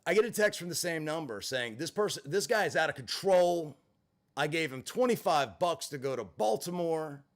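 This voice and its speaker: A middle-aged man telling a personal story to camera, candid and emphatic, swearing freely. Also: fairly high pitch. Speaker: vlogger in recovery. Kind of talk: storytelling monologue.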